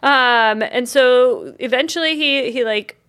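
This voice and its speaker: A woman's voice: sits high, slow pace, a bit bright. A woman co-hosting a podcast, telling a story in casual chat, with lots of "like" and "um" and the odd swear. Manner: rambling storyteller, heavy on fillers and "like". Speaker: podcast co-host.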